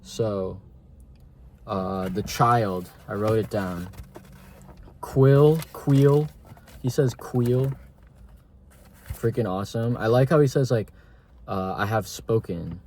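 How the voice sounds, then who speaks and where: Mellow-voiced young man rambling casually. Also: lowish voice, takes it slowly, long pauses, a little hiss or hum. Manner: slangy, rambling, heavy on filler words. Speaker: TV show reviewer. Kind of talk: casual spoken review.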